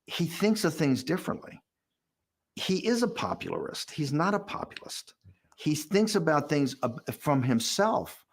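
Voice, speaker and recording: A man's voice: on the high side, sing-song, unhurried, vocal fry. A man being interviewed, telling candid stories in a rambling way, often restarting sentences and repeating words. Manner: acts out dialogue while retelling events.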